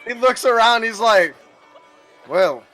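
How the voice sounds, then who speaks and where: A man playing a tabletop game, excitable and quick to laugh. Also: fairly high pitch, music in the background. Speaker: player.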